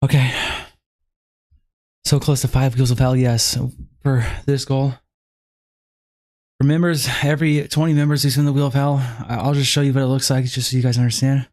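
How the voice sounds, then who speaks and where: Exhausted guy streaming, mellow dark voice, sighs constantly, swears, can barely get words out. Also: mid-range voice, level tone, normal speed. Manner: exasperated, heavy sighing, swearing. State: exhausted, struggling to speak. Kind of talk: casual live-stream talk.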